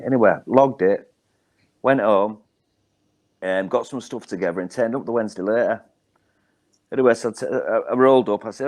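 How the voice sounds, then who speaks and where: A man's voice: on the low side, fairly quick, long pauses, a little mellow. A middle-aged man with a Hull accent, a guest comedian telling rambling, wry stories with lots of ums. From Hull, England. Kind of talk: casual storytelling.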